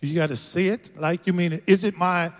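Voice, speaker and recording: Texan preacher in a ringing church hall. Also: male voice, high-pitched, fairly even intonation, brisk. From Texas. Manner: rousing, call-and-response with the congregation. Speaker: guest pastor. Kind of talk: sermon. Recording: long church hall reverb.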